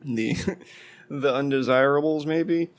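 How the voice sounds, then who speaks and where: A man co-hosting a podcast, telling stories and joking in relaxed, animated chat. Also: mid-range voice, slow. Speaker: podcast co-host. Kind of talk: casual podcast storytelling.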